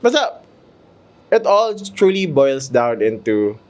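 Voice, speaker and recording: Sweating in the heat of a room at home, this Filipino man runs his own podcast, switching between English and Tagalog in casual conversation. His medium-pitched voice is very animated yet measured in pace, and he keeps botching retakes and laughing at his own expense.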